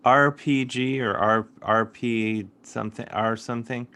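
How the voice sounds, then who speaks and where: A man's voice: mid-range voice, steady tone, measured pace, bright, forceful tone. A co-host who stumbles as he searches for words in a casual chat.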